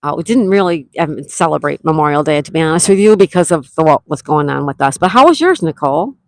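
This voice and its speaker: This livestream host has a deep voice, lively intonation, and a fast delivery, captured in a dry recording. A woman from Western New York, she talks from a campsite cabin, greeting viewers by name and reading their comments aloud.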